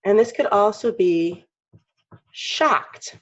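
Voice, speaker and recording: A woman with a frog in her throat, chatty and clearing her throat often as she teaches a casual drawing lesson. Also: medium pitch, expressive, slow, fairly bright tone. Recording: dull lo-fi recording.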